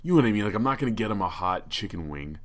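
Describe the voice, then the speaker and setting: A man's voice: lowish voice, expressive, racing. A man telling a rambling, profane story on a casual podcast, stammering and restarting often. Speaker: podcast co-host.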